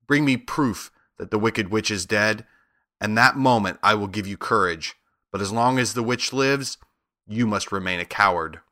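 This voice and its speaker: A man's voice: lowish voice, normal speed, pushed and bright. A man reading the lines of a mighty male wizard who speaks as a beast and as a ball of fire, in a stern, commanding way. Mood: low and grave.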